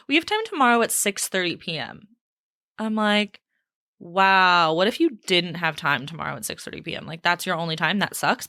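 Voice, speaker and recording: A young woman chats her way through a solo podcast episode in a small home studio. She is lively and animated, and her voice swoops up high whenever she quotes someone. The close mic sound is dry, with no room echo. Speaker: podcast host. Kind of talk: casual solo podcast chat.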